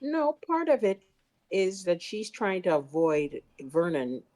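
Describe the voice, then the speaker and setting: A woman co-hosting a podcast in casual chat, speaking in an unhurried and halting way as she agrees with her partner. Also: lowish voice, big pitch swings, warm tone. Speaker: podcast co-host. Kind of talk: casual rewatch recap chat.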